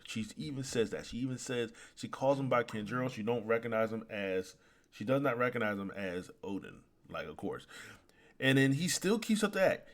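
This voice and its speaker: Male reviewer, casual and animated, frequently exasperated, profane. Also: medium pitch, moderate pace. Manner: animated, exasperated, swears freely. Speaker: anime chapter reviewer. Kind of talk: casual commentary.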